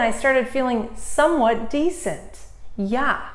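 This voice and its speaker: A woman's voice: on the high side, measured pace, reverberant. A woman in her forties, a triathlon coach, giving a casual race report in a blunt, candid way, swearing freely and acting out her own inner dialogue. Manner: lively retelling with self-quoted inner dialogue.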